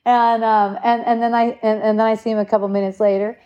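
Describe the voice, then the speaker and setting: Talking fast in a flat, mellow way, this fairly high-voiced woman, in her late forties, tells a personal story in relaxed conversation. She's candid, laughs a lot and swears without hesitation, and the audio has its highs cut off.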